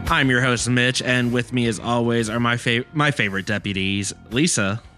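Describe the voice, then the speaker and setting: A man's voice: mid-range voice, steady tone, moderate pace, over music. A man hosting a casual podcast, friendly and loose, laughing between his intros. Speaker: host.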